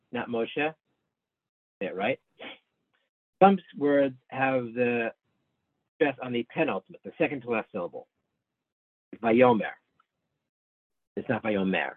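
A man teaching a small class over a video call, his voice thin and phone-like with no room sound around it. He explains step by step at a middling pitch, often breaking off and restarting mid-sentence. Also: breathy edge, dry recording. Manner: patient explaining, many restarts, addresses students by name. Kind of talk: online study class, explaining Hebrew texts. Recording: narrow phone-like sound, dry.

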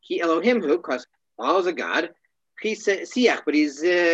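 A man teaching a casual class, wry and joking, often clearing his throat. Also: fairly high pitch, sing-song, moderate pace, a bit bright, lo-fi sound.

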